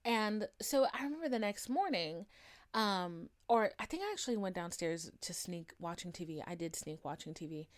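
A woman's voice: lowish voice, lively intonation, moderate pace. A young American woman with a slight Southern twang, telling a personal story on her podcast in a chatty, swearing, filler-heavy way. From United States. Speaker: podcast host. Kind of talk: casual storytelling monologue.

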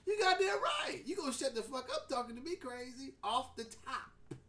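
A man's voice: extremely high pitch, expressive, a little fast, a bit bright. A man in his forties hosting a podcast in casual chat, telling stories animatedly, acting out quotes and laughing often. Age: 40s. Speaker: podcast host.

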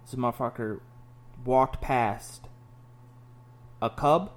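A man telling stories in a casual podcast chat, animated and full of swearing. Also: medium pitch, takes it slowly. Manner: profane, animated storytelling. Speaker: podcast host.

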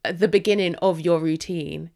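A woman's voice: fairly low pitch, fairly even intonation, moderate pace, vocal fry, warm tone. A woman co-hosting a podcast in casual chat, encouraging and teasing. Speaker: podcast co-host.

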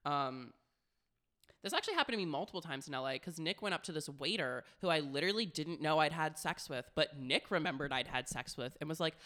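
A man's voice: fairly high pitch, expressive, brisk, bright, forceful tone. A young man co-hosting a podcast, telling frank, profane stories in casual chat with constant "like" fillers. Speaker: podcast co-host.

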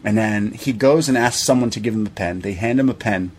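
Animated man recapping a wrestling show. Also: on the low side, brisk, slight background noise. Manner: animated retelling, acting out quotes. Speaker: podcast co-host. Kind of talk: casual recap chat.

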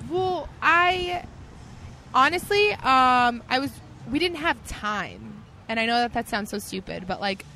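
A woman comedian on a podcast, telling a story in an animated, self-mocking way. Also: high voice, measured pace, slight background noise. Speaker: comedian guest. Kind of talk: casual podcast chat.

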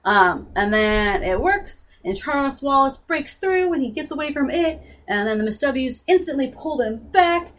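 A woman's voice: high-pitched, animated, normal speed, hardly any pauses, fairly bright tone. A young woman casually retelling a book's plot, rambling with lots of "like" and restarts. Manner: rambling, filler-heavy with frequent "like". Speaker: book discussion co-host. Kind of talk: casual chat retelling a book.

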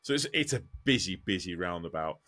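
Lively, bright-voiced man. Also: low voice, brisk. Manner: swears freely, animated storytelling. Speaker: podcast co-host, truck driver. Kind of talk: casual chat.

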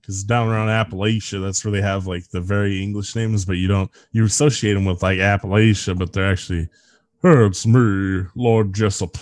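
A man's voice: sits low, little pitch movement, quick pace, hardly any pauses, dry recording. A man in his thirties co-hosting a casual podcast, joking darkly and laughing often. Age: 30s. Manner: sardonic, dark humor, laughs often. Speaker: podcast co-host.

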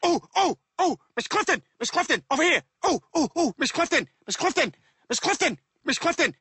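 A man putting on a shrill, excited woman's voice, calling out over and over. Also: fairly quick, no room sound, studio quality, exaggerated voice. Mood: squealing. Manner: squealing, repetitive calling.

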